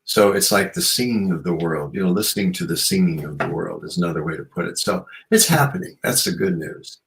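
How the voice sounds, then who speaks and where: A guest author and shamanic practitioner, a man with a deep, creaky voice, speaks briskly and with lively intonation in a reflective interview. He is earnest and musing, often filling pauses with "you know," and the audio quality is poor.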